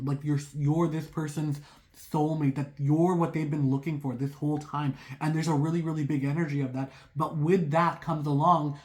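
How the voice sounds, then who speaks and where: A tarot reader talking casually to viewers. They ramble excitably, fill sentences with "like" and break off into apologetic asides. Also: medium pitch. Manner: rambling, heavy use of "like"; excitable, talks through racing thoughts.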